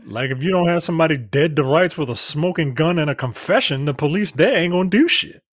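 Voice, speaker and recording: A man with a slightly high, husky voice that swings up and down a lot talks through a movie with a podcast crew. He stumbles and restarts his sentences, then presses his point. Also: no room sound, clean studio sound. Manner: halting, restarts a lot, animated. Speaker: film review podcast co-host. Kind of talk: casual movie discussion.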